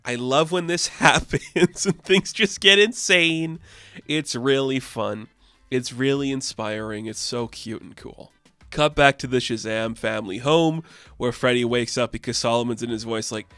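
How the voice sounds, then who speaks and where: Excited, rambling man recapping comics. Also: mid-range voice, moderate pace, clean tone, dry recording. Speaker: comic book reviewer. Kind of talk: casual comic book recap.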